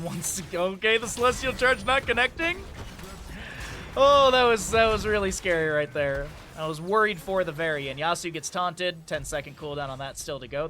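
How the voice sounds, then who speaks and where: A man casting an esports match solo, excitable on big plays and joking with chat between them. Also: a little high, slight background noise. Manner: chatty, jokes with viewers between plays. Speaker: esports caster. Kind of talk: solo play-by-play commentary with chat asides.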